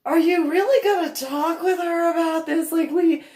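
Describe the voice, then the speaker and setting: Woman putting on a flustered husband, pitched up, agitated, echoey room. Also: normal speed, darkish tone. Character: flustered man, bitten husband.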